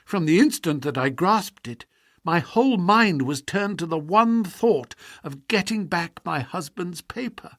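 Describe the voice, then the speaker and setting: A man reading the part of an anxious young noblewoman confessing, in a hushed, urgent storybook voice. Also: high voice, animated, a little slow, no room sound, studio quality, full character voice. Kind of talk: audiobook character voice.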